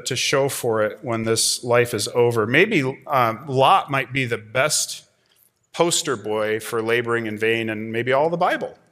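A man's voice: medium pitch, a bit bright. A man preaching a sermon to a group in a church, in a conversational way that keeps asking "right?". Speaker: pastor.

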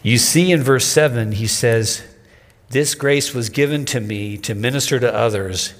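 Male pastor, slow deliberate sermon delivery, long hall reverb. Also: medium pitch. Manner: expressive preaching with emphatic pauses and drops to soft. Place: church sanctuary.

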